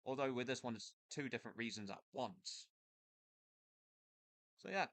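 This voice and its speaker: A man's voice: mid-range voice, a bit bright, no echo. Man musing over vowels. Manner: thinking aloud, loose and hesitant, with pauses and restarts. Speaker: video creator explaining accents. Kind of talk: casual spoken explainer over a screen recording. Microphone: computer mic with screen capture.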